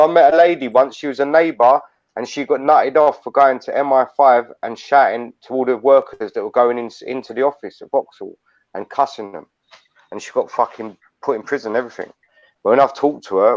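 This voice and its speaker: Swearing man hosting a stream. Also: medium pitch. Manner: blunt, swearing, matey. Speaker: live stream host. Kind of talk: casual chat. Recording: dull lo-fi audio.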